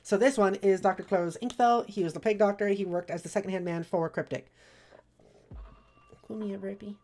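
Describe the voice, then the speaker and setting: A woman's voice: mid-range voice, fast, a little mellow. A woman streamer chatting casually on a live stream, rambling from one thought to the next. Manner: rambling, jumps between thoughts.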